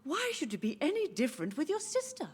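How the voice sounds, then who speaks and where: A woman's voice: high-pitched, huge pitch swings, quick pace, slight background noise. An actress playing a frail, confused old mother who grieves for her dead children and speaks to them as if alive. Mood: gently deluded. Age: older. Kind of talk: game dialogue.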